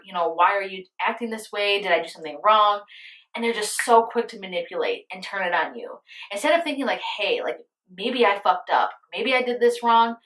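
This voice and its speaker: A woman's voice: mid-range voice, a bit bright. Young woman beauty vlogger ranting, blunt and sweary, echoey room at home. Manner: candid, emphatic, swears freely. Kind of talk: casual storytime rant.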